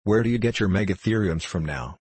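A man voicing a grumpy, ancient male sand fairy with a dry husky voice, speaking crossly and scornfully in a storybook reading. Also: fairly low pitch, lively intonation, a little fast, darkish tone, dry recording.

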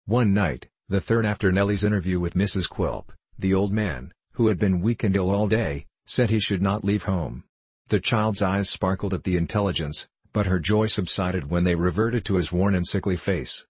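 A man reading a classic novel aloud as narrator, in measured, steady storytelling. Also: low voice, breathy edge, no room sound. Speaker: audiobook narrator.

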